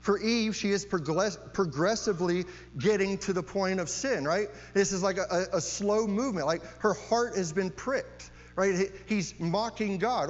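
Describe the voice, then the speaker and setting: A man's voice: high-pitched, moderate pace, few pauses. A man preaching a sermon, emphatic, repeating key phrases and often asking "right?" to his listeners. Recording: long hall reverb, dull sound, mains hum.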